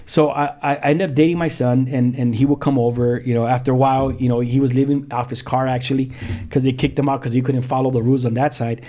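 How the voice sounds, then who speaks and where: A man's voice: mid-range voice, flat delivery, quick pace, warm tone. A middle-aged man from South Central Los Angeles, a pastor giving a personal testimony in a podcast interview, telling his story with plenty of "you know" and acted-out dialogue.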